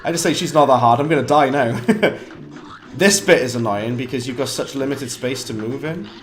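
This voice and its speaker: A medium-pitched British man talks his way through a game stream with chatty live commentary, making fun of himself and letting out quick bursts of frustration.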